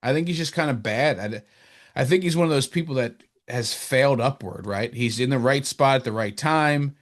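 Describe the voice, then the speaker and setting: On a sports podcast, a co-host from New Jersey talks quickly and loosely, wandering from point to point with plenty of animation. When he pokes fun at someone, his voice leaps upward.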